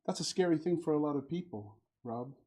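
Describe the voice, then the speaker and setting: Middle-aged guy hosting a chat, husky mellow voice, tells stories and does the other people's lines. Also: fairly high pitch, brisk. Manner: warm storytelling, acts out quoted voices. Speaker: podcast host. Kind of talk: casual conversation.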